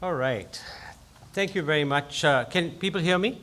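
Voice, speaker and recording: A man, a physician giving an invited public lecture, who speaks quickly and eagerly in a conversational way. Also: fairly high pitch, noisy background.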